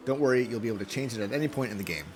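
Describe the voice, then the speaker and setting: A man's voice: mid-range voice, animated, very fast, a little hiss or hum. Amused man doing game commentary. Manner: amused, laughing often. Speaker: gaming video host. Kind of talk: let's play commentary.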